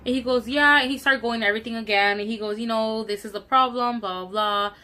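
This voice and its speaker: A young woman tells a storytime for her vlog in a bright, forward voice. She retells the encounter with indignation and acts out the other people's lines. Her speech is casual and full of swearing. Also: on the high side, fast. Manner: animated, indignant retelling with quoted dialogue. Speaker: vlogger.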